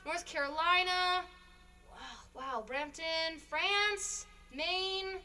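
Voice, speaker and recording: A woman talks casually to her livestream viewers from home, bubbly and quick to giggle. Her voice sits high, with a bright, sharp edge. She sounds like a singer hosting her own concert between songs.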